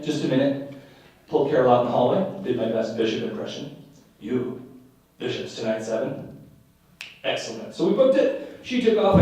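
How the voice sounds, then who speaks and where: Stand-up comic, male, slightly high voice, wry self-deprecating delivery, boomy hall heard from afar. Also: darkish tone, far from the mic. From Utah. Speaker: stand-up comedian. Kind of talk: live stand-up storytelling. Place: live performance hall with audience. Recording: echoey live room, mic picks up from afar.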